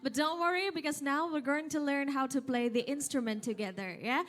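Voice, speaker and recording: A young Indonesian woman whose first language is Sundanese, leading an audience workshop as an instrument instructor in a lively, coaxing way, counting out and calling commands. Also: high voice, a little fast. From West Java, Indonesia. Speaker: angklung instructor. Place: hotel event hall.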